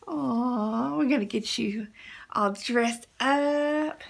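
A woman's voice: a little high, extremely slow, gravelly. A young woman talking baby talk to a doll, doting and sing-song, repeating words over and over. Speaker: vlogger playing with a baby doll.

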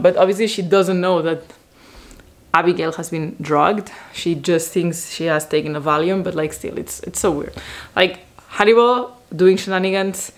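A woman giving a casual, rambling recap of a TV series, excitable and full of "like" fillers. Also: on the low side, normal speed.

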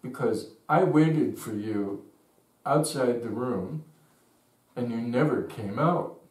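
A man's voice: medium pitch, takes it slowly, a little mellow, lightly acted. Startled male friend, urgent and puzzled, voiced by the storyteller. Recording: roomy echo, distant mic.

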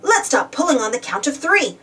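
A woman's voice: high-pitched, big pitch swings, a little fast, sharp tone, distant mic, voice pushed up, exaggerated voice. A woman voicing an earnest young male legend hunter in a storybook read-aloud, set back from the mic. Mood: urgent. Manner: earnest, explaining.

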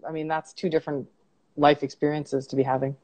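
A woman's voice: low voice, little pitch movement, fairly quick, a little mellow. A woman life coach speaking earnestly in a conversational interview, telling stories and reflecting on self-talk.

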